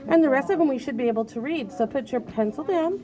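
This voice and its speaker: A woman's voice: high-pitched, animated, fast, over music. A woman teacher leading young children through a reading lesson, patient and coaxing, sounding out letters one at a time.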